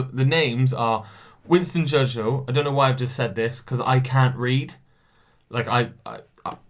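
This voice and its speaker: A young man hosts a relaxed solo podcast, reading quiz questions out loud and answering them himself. He stumbles over names and laughs at his own mistakes, his pitch sitting at a middle level for a man. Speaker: podcast host.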